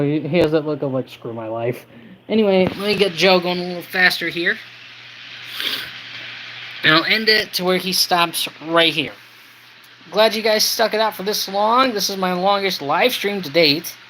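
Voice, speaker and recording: A tired model railroad host chatting casually on a live stream, halting with many fillers and talking to the toy trains. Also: mid-range voice, a bit bright, slight background noise, low-quality recording.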